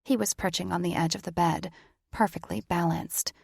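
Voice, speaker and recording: Female audiobook narrator, low-pitched, dead-dry studio sound, expressive first person. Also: creaky, slightly rough, no echo. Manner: expressive first-person reading, quick in heroine's lines. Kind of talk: scripted fantasy romance narration. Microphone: close studio mic.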